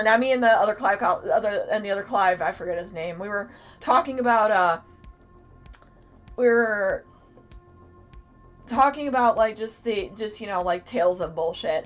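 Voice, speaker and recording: A woman co-hosting a casual convention review, telling a story in an animated way with lots of swearing. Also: on the high side. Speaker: podcast co-host.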